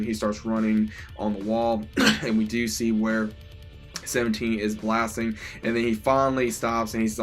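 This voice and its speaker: A young man with a lowish voice eagerly recaps an episode, stumbling through restarts and stringing events together with "he says". Faint music plays underneath him. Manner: rambling retelling, many restarts and "he says"; enthusiastic. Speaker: episode reviewer. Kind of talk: casual recap.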